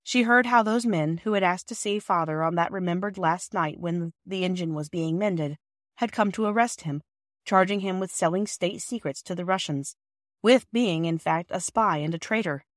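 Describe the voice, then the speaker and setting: A woman reading a classic children's novel aloud in gentle, measured narration. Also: fairly low pitch, no echo, clean studio sound. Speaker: audiobook reader. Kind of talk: scripted narration.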